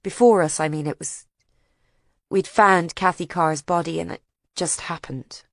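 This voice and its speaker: A woman's voice: lowish voice, fairly even intonation, unhurried, no room sound, studio quality. A woman reading as a young woman who speaks in a hasty, blunt manner. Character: young woman blurting out a confession.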